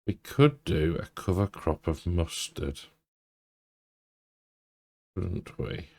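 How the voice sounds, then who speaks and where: Man, deep voice, casual let's-play commentary, thinks aloud. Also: takes it slowly, gravelly. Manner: relaxed, thinks aloud, chuckles to himself. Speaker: game streamer.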